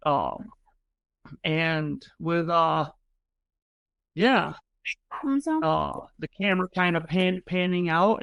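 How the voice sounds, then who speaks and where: A man's voice: fairly high pitch, gravelly, fairly bright tone, dry recording. Guy gm rambling thru the scene, lots of ums, dry close mic. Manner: rambling, many fillers and restarts. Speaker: game master. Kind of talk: narrating a tabletop game.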